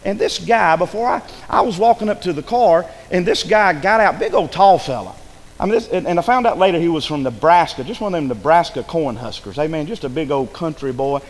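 A man preaching a sermon as pastor, telling a story with fervour, dropping to a hush and then rising to a shout. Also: on the high side, expressive, fairly quick. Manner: fervent storytelling, swings between hushed and shouted. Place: church sanctuary. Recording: echoey hall with faint ambience.

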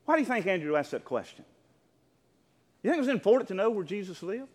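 A man preaching a sermon as pastor of his church, emphatic and building to near shouts. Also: sits high, big pitch swings, fast talker. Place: church sanctuary. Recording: long church reverb.

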